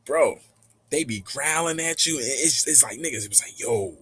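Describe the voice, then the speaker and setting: A man telling a rambling, animated, slang-heavy story in a casual spiritual monologue. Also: fairly high pitch, normal speed, slightly rough.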